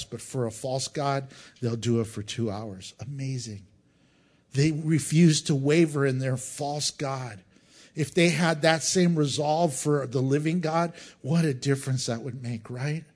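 A middle-aged male pastor preaching a sermon, animated and joking, acting out crowd voices as he goes. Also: medium pitch. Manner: animated, acts out crowd voices, jokes and chuckles.

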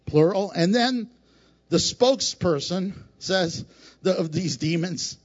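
High-pitched male pastor, animated sermon with acted-out scenes, dull lo-fi church recording. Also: slow pace. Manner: emphatic and repetitive, asks the congregation questions, laughs at his own jokes.

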